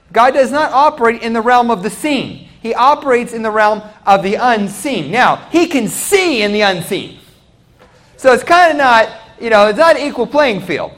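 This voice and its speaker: Man, sermon, high pitch, animated delivery, talks straight to the room. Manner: animated, questions the congregation directly. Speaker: preacher. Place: church.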